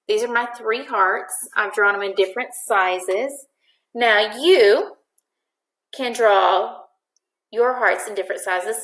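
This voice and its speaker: A woman teacher walks young children through a craft project in a video lesson. Her voice sits a touch high, and every instruction comes patiently and clearly. The room around her has a noticeable echo. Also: sharp tone. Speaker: first-grade teacher. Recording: echoey room.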